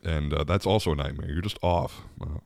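A man with a very low voice talks his way through a loose, chatty podcast monologue. He rambles and laughs easily as he goes. The sound is dry and close, with no room echo. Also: brisk, creaky, a little mellow. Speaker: podcast host. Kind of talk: casual monologue.

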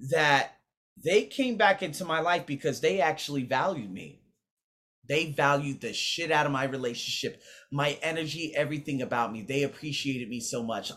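A young man tells a story in a loose, profane, animated way. His pitch swings widely, and his voice sits a little high for a man. He acts out other people's lines with big jumps in volume. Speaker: vlogger. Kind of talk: casual storytelling.

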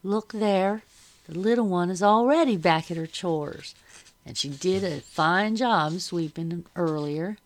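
A woman's voice: lowish voice, measured pace, close to an everyday voice. A woman voicing a practical, matter-of-fact servant woman. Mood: reassuring.

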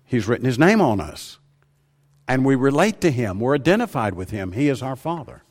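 A man preaching a sermon, slowing down and lifting his voice to stress key phrases. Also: sing-song, a little mellow. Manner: rises in pitch and volume for emphasis, slows on key words.

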